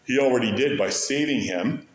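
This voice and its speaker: A man preaching a sermon as pastor, with animated delivery that rises sharply to stress key words. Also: medium pitch, normal speed, reverberant.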